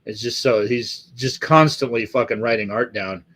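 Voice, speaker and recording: A man's voice: medium pitch, normal speed, fairly bright tone. Middle-aged la guy rambling on a live stream, swears constantly, lots of uh and um. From Los Angeles area. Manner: rambling, profane, many fillers. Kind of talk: casual chat to live chat.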